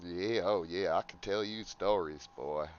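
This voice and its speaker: A man's voice: sits low, unhurried, lo-fi sound, a crowd in the background. A man with a drawl hosting a comedy podcast, talking in a mock-earnest put-on persona. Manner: mock-earnest, breaks into laughter. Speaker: podcast host.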